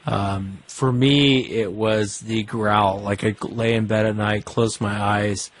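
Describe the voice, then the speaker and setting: A man's voice: on the low side, fairly even intonation, slow. A man hosting a call-in show, talking to a caller in an earnest, reassuring way and repeating phrases for stress. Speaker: host. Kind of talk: talk radio chat.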